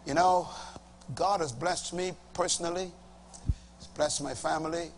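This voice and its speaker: A man's voice: on the high side, fairly even intonation, measured pace, slight background noise. A middle-aged male pastor preaching a sermon emphatically, stretching key words and calling on the congregation to respond. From Bahamas. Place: church hall before a congregation.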